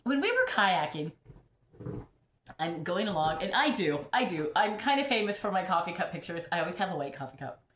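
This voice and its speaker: Chatty rambling woman with a lively voice. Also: lowish voice, a little fast, reverberant, a little hiss or hum. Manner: rambling, chatty, laughs often. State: recovering from illness. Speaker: houseplant vlogger. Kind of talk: casual chat. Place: home full of plants.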